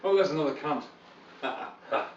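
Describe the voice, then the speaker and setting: A man doing a put-on Scottish accent as a foul-mouthed, shouty Scotsman, recorded at a distance in a roomy space. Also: on the high side, moderate pace, lo-fi sound, slight background noise, close to an everyday voice. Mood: belligerent. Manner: shouty, swearing nonstop.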